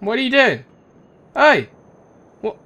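Excitable young-sounding man joking over gameplay. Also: extremely high pitch, slow, muffled recording, slight background noise. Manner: excitable, jokey, bursts into shouts. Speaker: gaming commentator. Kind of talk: playful let's-play commentary. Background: game music.

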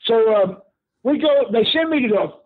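High-voiced older man, on the phone. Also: normal speed. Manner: lively yarn-spinner who laughs often and says "brother". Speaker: guest, retired pro wrestler. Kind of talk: animated storytelling in an interview. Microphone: phone call. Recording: tinny phone line.

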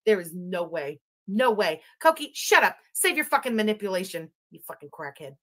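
A woman's voice: mid-range voice, sing-song, normal speed, pushed and bright. A woman doing profane, mocking reaction commentary, ranting at the clips she plays. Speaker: commentary streamer.

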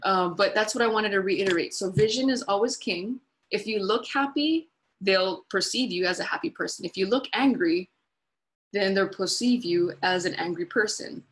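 A woman trainer teaches caregivers over a webinar at a middling pitch. She explains step by step with plain everyday examples. She repeats short phrases for emphasis. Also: normal speed, fairly bright tone. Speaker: dementia care trainer. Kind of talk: webinar presentation.

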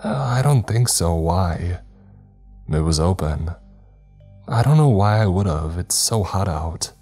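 A man with a low, unhurried voice voicing a worried young mother who frets and hesitates, a little higher than his own voice. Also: lively intonation, mellow, breathy edge, soft background music, exaggerated voice. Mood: puzzled. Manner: fretful, hesitant.

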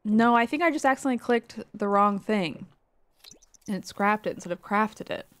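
A woman's voice: mid-range voice, expressive, normal speed, fairly bright tone. A woman streamer giving casual gameplay commentary, exasperated and swearing, with muttered asides.

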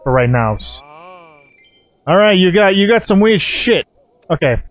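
A man giving rambling, excitable let's play commentary as he plays a game, swearing often. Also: high voice, unhurried, no echo, soft background music. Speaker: gaming channel host.

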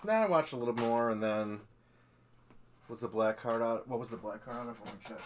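A man's voice: medium pitch, a little fast. A man hosting a hockey card break, chatting casually and joking with his co-host as he opens packs. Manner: loose, joking, trailing off mid-sentence. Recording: noisy room.

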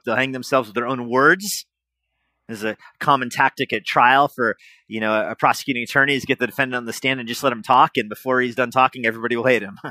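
A pastor preaches in an easy, conversational style, explaining with emphasis and dropping casual asides. His voice is bright and forward, recorded dry and close with little room sound. He is a man of middle pitch. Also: dry recording. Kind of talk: conversational sermon.

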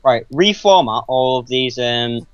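A man's voice: mid-range voice, animated, unhurried, dry recording. A man co-hosting a casual Let's Play, laid-back and chuckling with dry asides. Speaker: gaming channel co-host. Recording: dull lo-fi voice-chat mic.

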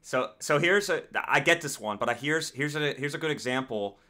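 A man's voice: fairly high pitch, lively intonation, moderate pace, pushed and bright. An American man hosting a reaction video, commenting casually and rambling with lots of fillers and self-corrections. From United States.

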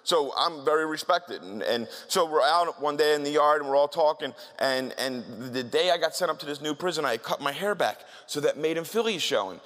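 A man's voice: a little high, animated, a little fast, hardly any pauses, a bit bright. Man telling a story in a hall. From South Philadelphia, USA. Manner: candid, conversational, frequent restarts. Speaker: speaker at a talk. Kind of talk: storytelling talk. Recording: long reverb in a hall.

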